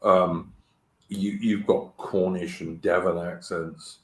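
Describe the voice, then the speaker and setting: A man with a faint Cockney accent hosts a casual talk show, his voice sitting very low. He speaks eagerly and often trips into quick restarts. The sound carries a noticeable room echo. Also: flat delivery. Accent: light London Cockney. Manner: enthusiastic, stammering restarts. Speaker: host. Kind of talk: casual podcast chat. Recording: roomy echo.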